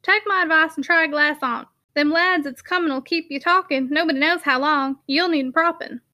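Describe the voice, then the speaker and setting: A woman voicing a large, rough middle-aged constable with a broad Yorkshire dialect, talking slowly and homely. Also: sits high, sharp tone.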